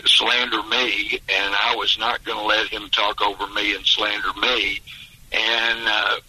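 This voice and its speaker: A man's voice: fairly low pitch, bright, forceful tone, breathy edge, poor audio. A man phoning in as a congressman guest on a radio interview, telling emphatic stories with chuckles.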